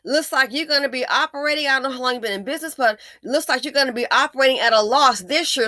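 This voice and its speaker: Host of a commentary vlog: a woman with a bright, dry voice, sarcastic and emphatic. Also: quick pace, few pauses, no room sound. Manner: sarcastic and emphatic, with repeated jabs; shifts between loud stresses and low muttering. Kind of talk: opinion commentary.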